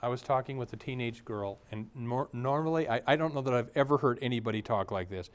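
A middle-aged male pastor preaches a sermon through storytelling, briefly acting out the voices of the people in his stories. He talks fast with few pauses in a mid-range voice, and the tone is clean.

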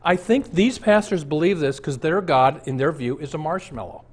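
An older man preaching a sermon with a slightly raised pitch. He talks in an earnest, conversational way, throwing rhetorical questions at his congregation. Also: expressive, normal speed, breathy edge. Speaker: pastor.

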